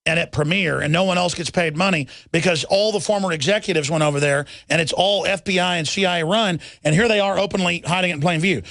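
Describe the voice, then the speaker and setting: A middle-aged man runs a talk radio show, reading headlines and ranting heatedly and meanderingly, repeating himself as he gets agitated. His voice sits high and sounds gravelly and a bit bright, with no echo.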